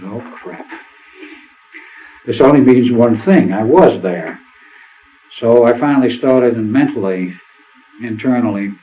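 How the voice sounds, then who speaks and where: Older male seminar speaker, low-ish voice, anecdotal and rambling, tinny phone-like audio. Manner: rambling anecdotal storytelling, acts out quotes. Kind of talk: storytelling talk at a seminar. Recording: tinny phone-like sound with faint hiss.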